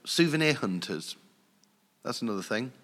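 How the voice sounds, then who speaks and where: A man's voice: medium pitch, lively intonation, normal speed, fairly bright tone, big-room sound. A man, a nightclub manager, chatting casually and telling anecdotes with frequent laughs. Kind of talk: casual podcast chat.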